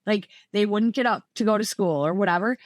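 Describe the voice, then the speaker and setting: A woman chats as a podcast guest. She rambles, leaning on fillers like "like" and "you know". Her voice is mid-pitched and the sound is dry and close. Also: fairly quick, no echo. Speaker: podcast guest, former coaching client. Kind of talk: casual conversational interview.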